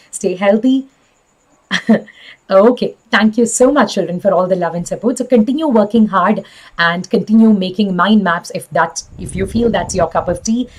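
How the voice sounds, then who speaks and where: A woman in her thirties with an airy, breathy voice, chatting warmly with her students as an online teacher. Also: medium pitch, low-quality recording. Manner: friendly, addresses children, laughs often. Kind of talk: live class sign-off chat.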